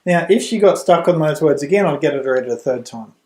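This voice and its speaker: A middle-aged man, a reading tutor and parent, explaining at home in a relaxed way with a few restarts. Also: fairly high pitch, fast. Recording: roomy echo.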